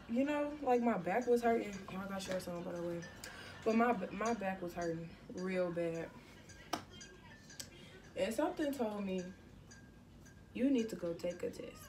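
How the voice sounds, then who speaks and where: Animated slangy teen girl, distant mic. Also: mid-range voice, slight background noise. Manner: animated, slangy storytelling with exclamations. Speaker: vlogger. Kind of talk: casual storytime vlog.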